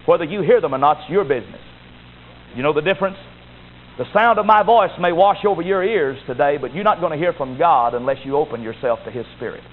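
Emphatic Baptist preacher on a tinny recording. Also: male voice, on the high side. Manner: emphatic, repetitive preaching with rising exhortations. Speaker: Baptist pastor. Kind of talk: sermon. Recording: tinny phone-like recording with faint hiss.

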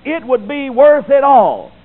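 A man preaching a sermon, emphatic, swinging from loud declarations to quiet, solemn asides, heard through a tinny recording. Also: very high-pitched, very animated, a little slow.

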